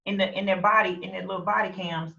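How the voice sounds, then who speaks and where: A woman telling a personal story as an interview guest, animated, acting out her own shouts and quotes. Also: medium pitch, fast talker, creaky. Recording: roomy, distant, dull lo-fi sound.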